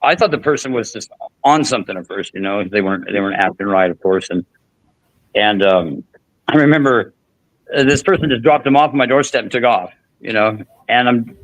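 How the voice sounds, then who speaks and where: A man's voice: on the low side, brisk, no echo, poor audio. A man hosting a podcast, telling a long story in casual chat with frequent restarts and fillers. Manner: rambling, many restarts and fillers. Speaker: podcast host.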